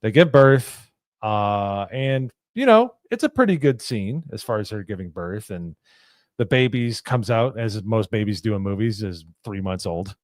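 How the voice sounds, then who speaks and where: A man's voice: lowish voice, lively intonation, unhurried, dry recording, clean studio sound. A man co-hosting a casual movie review, rambling through plot points with restarts and asides. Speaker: podcast co-host.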